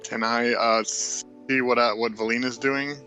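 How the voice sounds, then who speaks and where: A man's voice: medium pitch, flat delivery, a little slow, pushed and bright, faint music behind, poor audio. A man playing a tabletop game, hesitant and chuckling, with many fillers. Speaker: player. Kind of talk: casual tabletop play chat.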